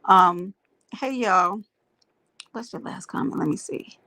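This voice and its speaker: Gravelly woman hosting a livestream. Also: medium pitch, slow, pushed and bright. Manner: talks to chat, greets viewers by name; emphatic, preachy asides. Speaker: livestream host. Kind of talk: casual livestream chat.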